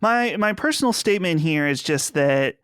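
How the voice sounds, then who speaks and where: A man's voice: fairly high pitch, expressive, moderate pace, fairly bright tone, clear, resonant tone, no echo, studio quality. A man co-hosting a podcast, talking in an earnest, rambling, mock-solemn way. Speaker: podcast co-host. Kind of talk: casual chat.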